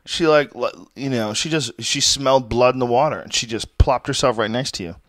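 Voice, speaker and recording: A middle-aged man hosting a podcast, telling a story in a casual, animated, profane way with bursts of loud laughter. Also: mid-range voice, a little fast, no room sound. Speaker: podcast host.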